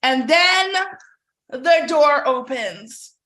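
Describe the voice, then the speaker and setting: A middle-aged woman from Canada tells a story to a webinar audience with a high, bright voice. She brings the story to life by acting out the people in it. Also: extremely slow. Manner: animated storyteller who acts out voices. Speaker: webinar presenter.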